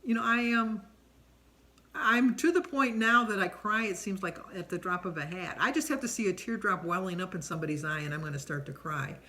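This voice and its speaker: A chatty middle-aged woman rambles on camera as a vlogger working through a tag questionnaire, dropping many ums. Her mid-range voice is bright and forceful, and she talks fairly quickly.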